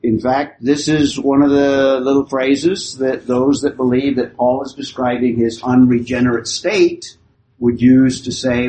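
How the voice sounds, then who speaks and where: A man teaching a Bible class in a measured, explanatory way, pausing to restate each point. His voice sits at a middling pitch. A faint hiss runs under the recording. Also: little pitch movement, mellow, poor audio.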